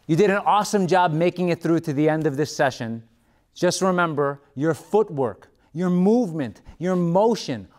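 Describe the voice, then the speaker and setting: A man leading a taekwondo workout, encouraging and calling out commands, out of breath. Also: high-pitched. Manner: encouraging, calls out commands and kiai shouts. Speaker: taekwondo instructor. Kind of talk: guided workout instruction.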